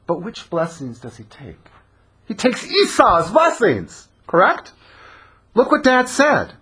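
A man giving an animated Torah lecture, dramatic and acting out the characters' voices. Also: sits high, slow pace, husky. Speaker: Torah teacher.

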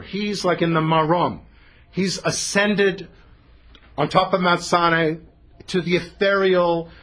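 A man's voice: a little high, a bit bright, husky. A man teaching a Torah text-study class, explaining animatedly and dropping Hebrew terms into his English.

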